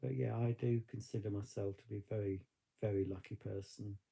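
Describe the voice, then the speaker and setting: A man's voice: lowish voice, fairly even intonation, a little fast, gravelly, dark tone, breathy edge. A man chatting on a live stream, reflective and rambling with many fillers, tearful at times. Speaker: vlogger. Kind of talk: casual live-stream chat.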